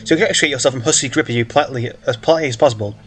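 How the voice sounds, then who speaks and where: Soft music plays under a man's rapid-fire, medium-pitched voice as he casually reads a story game aloud. He jokes, breaks off for asides, and stumbles over his words.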